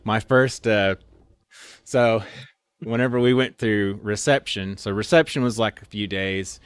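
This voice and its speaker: A man's voice: on the low side, a little slow, clean tone, no room sound. A young man from Oklahoma, an officer candidate, casually telling a rambling story full of "like" and restarts. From Oklahoma, USA. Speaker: interview guest, officer candidate.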